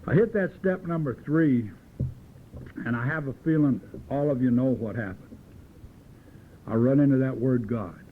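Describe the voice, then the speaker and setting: A man's voice: medium pitch, moderate pace, long pauses. Folksy man telling a recovery story. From Southern California. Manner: folksy, joking, earthy storyteller. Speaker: AA meeting speaker. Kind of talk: recovery talk at a meeting, storytelling. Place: meeting room at a podium. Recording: old phone-like tape with faint hiss.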